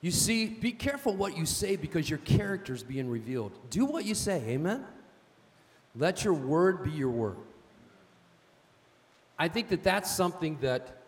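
A man with a fairly high voice preaches with emphatic storytelling, often asking "amen?". His voice trails off into a long reverb, as in a church sanctuary. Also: lively intonation, moderate pace, a little mellow. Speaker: pastor. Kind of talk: sermon.

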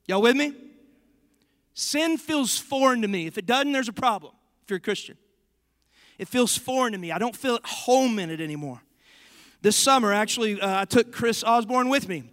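Young pastor, high ringing tone, emphatic storyteller, long hall reverb. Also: male voice. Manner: animated storyteller, emphatic and drawn-out for stress. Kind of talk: sermon. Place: church sanctuary.

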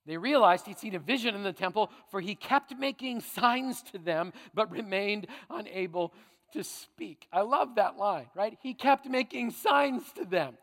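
Male pastor, high voice, chatty preaching style with lots of "right?" check-ins, long hall reverb. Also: unhurried, a bit bright. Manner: conversational, frequent tag questions, playful asides. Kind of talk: sermon.

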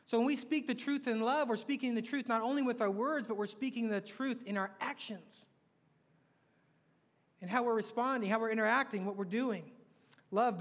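Man, sermon, animated, asks the crowd questions, high voice, long hall echo. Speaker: preacher.

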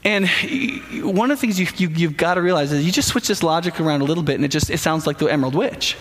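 A man's voice: a little high, lively intonation, fast, hardly any pauses, fairly bright tone, long reverb tail. A man preaching a sermon in a conversational way, often stammering and restarting and putting questions to the listeners.

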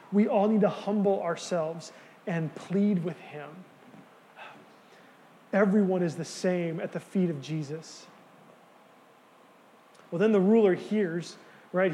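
Earnest preacher guy, goes quiet on the big lines, echoey hall with a bit of hiss. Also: high voice. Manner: earnest, emphatic, drops to quiet for key lines. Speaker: pastor. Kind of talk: sermon.

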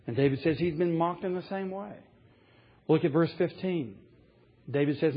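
A man's voice: fairly high pitch, normal speed, breathy edge, dull audio. A man preaching a sermon, earnest and rising to emphatic passages as he reads scripture aloud. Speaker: pastor.

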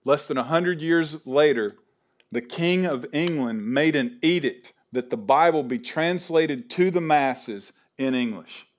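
A man preaching a sermon at a camp service, questioning the audience and swinging from fervent peaks to quiet pleading, audibly emotional. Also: fairly high pitch, unhurried.

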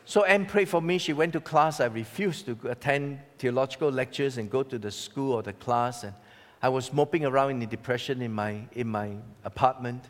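A man preaching a sermon, telling a personal story with dramatic swings between loud and hushed delivery. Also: medium pitch, moderate pace. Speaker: pastor. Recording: long hall reverb.

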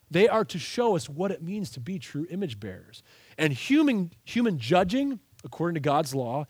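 A man preaching a sermon, reading scripture and explaining it with earnest emphasis. His voice sits a little high for a man. The sound is dry and close. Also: darkish tone, husky, no echo. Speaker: pastor.

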